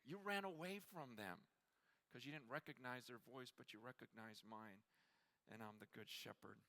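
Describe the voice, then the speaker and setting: Impassioned preacher, man, forceful voice. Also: mid-range voice. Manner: impassioned, swinging from hushed to near-shouting; halting restarts when moved. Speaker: conference preacher. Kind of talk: sermon.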